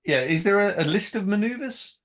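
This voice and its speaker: During relaxed play chat at a tabletop game, a man with a high voice and lively intonation works through the rules. He sounds hesitant and deliberate, with plenty of fillers.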